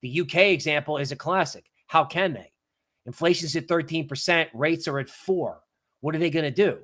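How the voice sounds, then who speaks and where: A man with a somewhat high voice hosts a livestream of casual market commentary. He talks in an animated, sarcastic way and keeps slipping into mocking quoted voices. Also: moderate pace. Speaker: livestream host.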